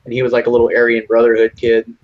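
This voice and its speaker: A man's voice: medium pitch, monotone, racing, muffled recording. A young man telling a long profane story in casual voice chat, jumping into other people's voices for the quotes. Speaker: lobby chat regular.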